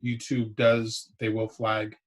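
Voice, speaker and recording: A man's voice: fairly low pitch, completely flat delivery, slow pace. A man co-hosting a podcast who breaks in with short, polite reminders, heard from farther off the mic.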